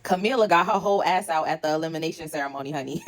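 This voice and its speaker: Fast-talking sassy woman recapping TV. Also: sits low. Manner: sassy, chatty, quick asides and laughs. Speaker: reality TV recapper. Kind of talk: casual TV recap commentary.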